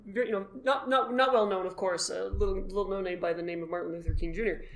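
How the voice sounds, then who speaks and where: A man as the guest, telling his story in an animated, self-deprecating way and acting out his own past thoughts. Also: high voice, fast, gravelly. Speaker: guest, costumed charity volunteer. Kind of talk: casual storytelling in a conversation.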